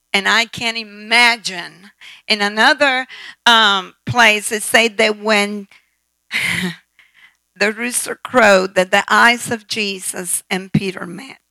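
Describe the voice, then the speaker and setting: A woman's voice: medium pitch, bright, forceful tone, no room sound, rough recording. A woman preaching a sermon, emphatic and asking the audience questions. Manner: emphatic, calls for amen and asks the audience questions.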